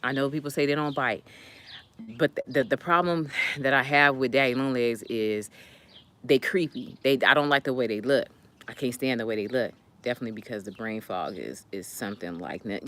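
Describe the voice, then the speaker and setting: A woman telling stories casually to her live chat, animated and laughing often. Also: a little fast. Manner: animated, laughs often, jumps high when retelling. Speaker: live streamer chatting with viewers.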